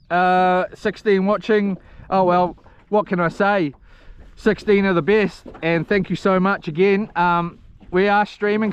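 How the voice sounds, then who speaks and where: A man live streaming from a fishing boat outdoors, rambling and excitable, restarting his sentences and cursing mildly, recorded on an action camera. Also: high voice, lo-fi sound, a little hiss or hum. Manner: excitable and scattered, with frequent restarts and mild cursing.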